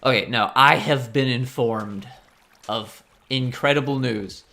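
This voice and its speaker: A man hosting a game video, ranting in an animated, incredulous way. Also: mid-range voice, measured pace, creaky. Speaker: gaming channel host. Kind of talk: casual let's-play rant.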